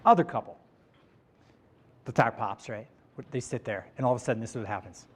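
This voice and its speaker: A man giving a live motivational talk to an audience, animated and interactive, slowing down to stress key points. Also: medium pitch, slightly rough. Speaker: motivational speaker. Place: event room before a live audience.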